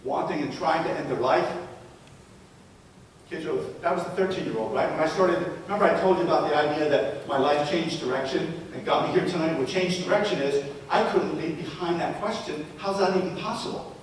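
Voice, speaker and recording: A man giving a live talk to parents and educators, telling stories and asking rhetorical questions. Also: fairly quick. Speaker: presenter. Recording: echoey hall, distant mic, faint rumble.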